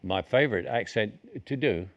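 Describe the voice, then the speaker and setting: A man's voice: on the low side, moderate pace, muffled recording. Chatty older Cockney man. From South London, England. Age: 80s. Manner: chatty storyteller, laughs at own jokes. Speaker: interviewee, actor. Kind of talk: casual interview chat.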